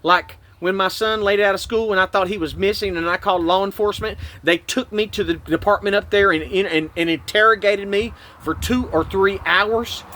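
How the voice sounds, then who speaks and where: A man's voice: sits high, moderate pace, few pauses, bright, forceful tone, no room sound. A man, recounting a police stop in an agitated, indignant way and repeating himself. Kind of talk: angry personal vlog.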